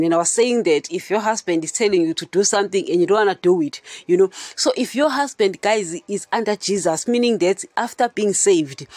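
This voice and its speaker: A woman's voice: medium pitch, a little mellow, no echo. A woman hosting a Christian podcast, teaching in a casual, chatty way and often asking her listeners if they understand. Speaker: podcast host.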